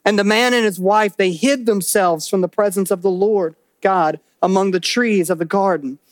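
High-voiced man preaching, dry close sound. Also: moderate pace, no echo. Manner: animated, acts out voices and quotes for illustration; drops to a low, serious tone for warnings. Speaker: pastor. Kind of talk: sermon. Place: church.

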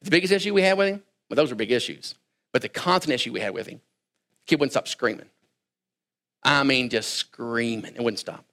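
A man preaching a sermon, talking conversationally and swinging between quiet asides and raised, emphatic lines. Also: medium pitch, brisk. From Kentucky. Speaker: pastor.

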